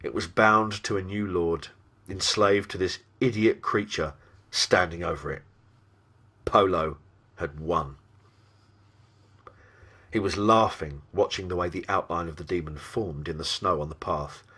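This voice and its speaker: Man, horror audiobook narrator, dramatic, low-pitched, husky. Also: measured pace, long pauses. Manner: animated storytelling.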